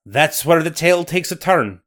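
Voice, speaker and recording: A man's voice: on the high side, lively intonation, moderate pace, fairly bright tone, voice pushed up. Brief: man doing a Scottish lake monster storyteller for a comedy podcast bit, theatrical and lilting. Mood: dramatic storytelling. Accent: put-on Scottish. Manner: dramatic narrating, rolled-up storytelling. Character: Loch Ness monster, male storyteller, sly.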